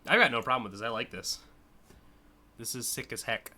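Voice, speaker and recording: A man's voice: medium pitch, animated, fairly quick, sharp tone. A man streaming live, casually and enthusiastically judging car designs, with frequent fillers and swearing.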